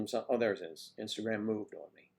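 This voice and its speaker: A man's voice: fairly low pitch, big pitch swings, normal speed, a little mellow. A man hosting a casual livestream, rambling and chatting with viewers by name as he reads the chat. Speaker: livestream host reading chat.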